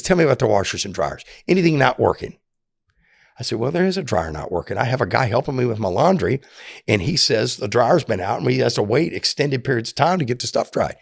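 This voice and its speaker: A gravelly, husky middle-aged man tells a story. His pitch swings widely as he acts out each person, stumbling and repeating words. The sound is dry and close. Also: no echo. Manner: animated, acts out quoted voices, repeats and restarts often. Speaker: podcast guest telling his prison story. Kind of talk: casual storytelling.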